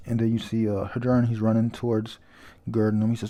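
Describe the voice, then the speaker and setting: A man's voice: lowish voice, little pitch movement, brisk, few pauses, dark tone. Man, chatty, casual comic read-through, stumbles over names, laughs often. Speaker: comic reader and reviewer.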